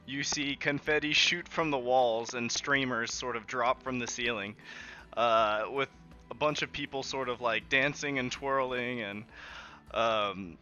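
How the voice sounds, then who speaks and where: A man's voice: mid-range voice, fairly even intonation, a little slow, pushed and bright. A man narrating a tabletop game as game master, in a rambling, giggly way full of fillers, in a muffled lo-fi recording with faint music.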